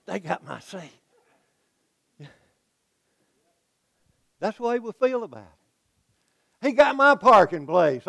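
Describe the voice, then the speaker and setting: An older man preaching a folksy, animated sermon to his congregation. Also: sits high, no echo. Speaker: pastor.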